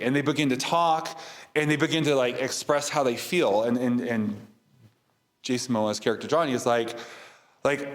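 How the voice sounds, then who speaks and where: A man's voice: mid-range voice, fairly even intonation, normal speed. A man hosting a podcast, casually recapping a movie in a rambling way with many fillers. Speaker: podcast host.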